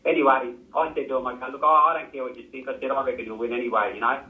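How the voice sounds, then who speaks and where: An older Australian man, once a jockey, spins rambling, casual stories at a rapid-fire clip, repeating himself and acting out what other people said. His medium-pitched voice stays fairly even, and the recording sounds echoey and tinny, like a phone.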